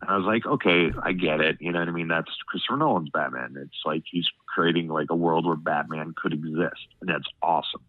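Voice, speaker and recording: A man's voice: extremely low pitch, a little fast, hardly any pauses, no room sound. A man hosting a casual podcast chat, rambling and padding his talk with "you know what I mean", his nose stuffed up. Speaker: podcast host. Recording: tinny phone-like line, dry.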